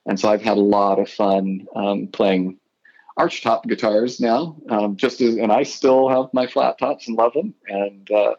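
A man's voice: on the low side, steady tone, measured pace, creaky, a little mellow, lo-fi sound. A middle-aged man from Idaho, a guitarist guest, telling rambling stories in a casual interview and often correcting himself.

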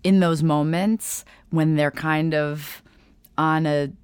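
A woman's voice: low-pitched, steady tone, slow pace, clear, resonant tone, no room sound, studio quality. A woman, a coach, speaking in casual chat in an encouraging, reflective way.

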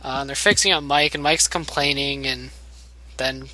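Male podcast co-host, forceful bright tone, loose sarcastic recap with lots of profanity. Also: mid-range voice, steady tone, poor audio. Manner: profane, sarcastic, mocks characters in quick asides. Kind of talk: casual recap chat.

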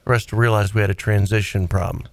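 A man with a Southern US accent hosting a radio show from the studio, talking in a rambling, jokey and animated way. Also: fairly low pitch, fast talker, gravelly, no room sound. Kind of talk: casual radio banter.

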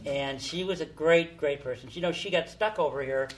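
An older man telling casual anecdotes, animated, acting out the people he quotes. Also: fairly high pitch, normal speed, faint music behind. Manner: animated storyteller, acts out quotes. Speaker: storyteller guest.

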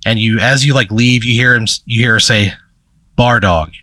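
A man hosting a podcast, telling an improvised comic story in a rambling, deadpan way. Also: mid-range voice, a little fast, no echo. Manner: rambling, deadpan narration with fillers. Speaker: podcast host telling a hypothetical.

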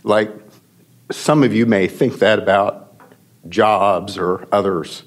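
Low-voiced man telling a heartfelt story. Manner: emotional, halting, many fillers and restarts. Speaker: podcast guest, venture investor. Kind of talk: storytelling in conversation.

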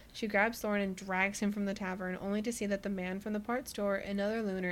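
This podcast co-host chats casually through a book recap, laughing frequently and leaning heavily on "like." Her mid-range voice comes with a little hiss or hum.

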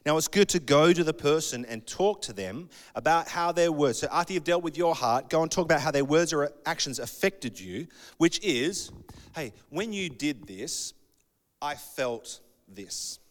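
A man preaching a sermon in a conversational, animated way, acting out bits of dialogue. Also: fairly high pitch, normal speed. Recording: long hall reverb.

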